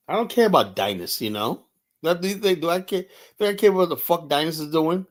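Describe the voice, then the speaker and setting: A man's voice: on the high side, expressive, brisk. A man hosting a livestream, talking in a grumpy, profane, rambling way. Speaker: livestream host. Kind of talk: casual ranting livestream talk.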